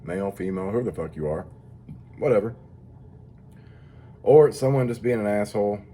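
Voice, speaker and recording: A man's voice: fairly low pitch, expressive, a little fast, dark tone, husky. A tired man rambling through a crude, profane casual monologue as a vlogger. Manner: profane, rambling, mock-tough.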